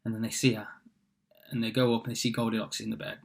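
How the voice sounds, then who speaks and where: A man's voice: fairly low pitch, little pitch movement, fast talker, creaky, a little hiss or hum. A young man tells a children's fairy tale his own casual way. He rambles, drops in fillers and jokey asides, and keeps an offhand, chatty tone throughout. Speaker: storyteller.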